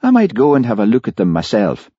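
A man voicing a shrewd, patient police constable who coaxes and presses quietly. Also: mid-range voice, huge pitch swings, quick pace, breathy edge, no echo, lo-fi sound, pitched above the performer's own voice. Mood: coaxing.

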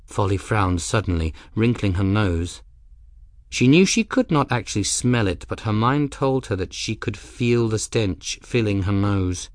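Slow, lively-voiced male narrator. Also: on the low side, no echo, clean studio sound. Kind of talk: audiobook narration.

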